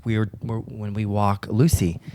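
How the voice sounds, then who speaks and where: A man's voice: fairly low pitch, little pitch movement, moderate pace, warm tone. A man co-hosting a podcast in casual chat, musing aloud in a reflective way with a lot of filler likes. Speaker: podcast co-host.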